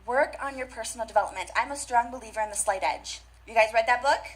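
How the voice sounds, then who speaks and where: A young woman with a fairly high voice gives a motivational speech from a conference stage. She talks directly to her listeners and drives her points home by repeating them. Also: quick pace, rough recording. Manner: emphatic, repeats key phrases, addresses audience directly. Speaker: conference speaker.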